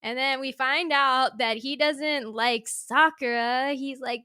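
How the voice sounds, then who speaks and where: A woman's voice: sits high, steady tone, slow, sharp tone, clean tone, no echo, studio quality. A woman hosting a podcast in casual chat, laughing often and retelling scenes with animation. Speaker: podcast host.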